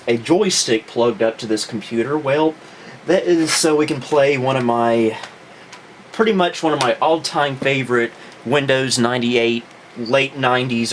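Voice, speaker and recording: A man hosting a casual retro computer review, talking in a relaxed, rambling way full of ums. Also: mid-range voice, a little hiss or hum. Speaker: host. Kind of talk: casual tech review chat.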